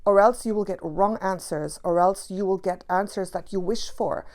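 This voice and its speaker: A woman's voice: mid-range voice, normal speed, a little mellow. A woman teaching spiritual practice to camera, passionate and emphatic, repeating key phrases for stress.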